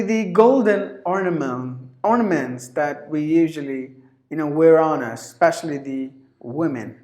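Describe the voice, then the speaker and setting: Slow-talking man teaching pronunciation, roomy echo. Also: a little high, a little mellow. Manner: repeats each word several times, drawn out. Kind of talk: pronunciation lesson.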